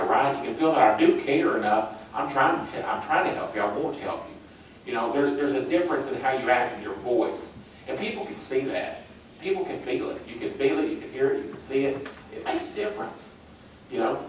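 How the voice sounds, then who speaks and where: Middle-aged man, casual workplace trainer, mid pitch, heard from a distance in a very reverberant hall. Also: lively intonation, a little fast, slight background noise. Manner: chatty, acts out little scenes with laughs. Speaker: orientation trainer. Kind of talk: casual training talk to new staff.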